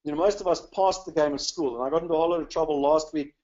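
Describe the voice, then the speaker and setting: Talking rapid-fire, a South African man presents a webinar in an upbeat, chatty, casual way, dropping "you know" constantly. His voice runs on the high side with a slightly mellow quality, and the highs are cut off.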